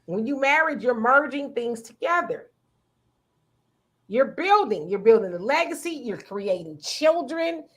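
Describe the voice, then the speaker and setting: A woman hosting a casual talk show, animated and chatty, who laughs often and acts out the voices she quotes. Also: a little high, measured pace. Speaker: show host. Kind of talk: casual commentary.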